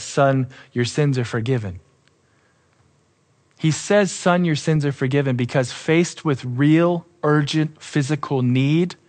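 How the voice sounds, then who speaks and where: Man preaching an animated sermon. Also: fairly high pitch. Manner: animated preaching, acting out quoted voices, dropping soft for emphasis. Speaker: pastor.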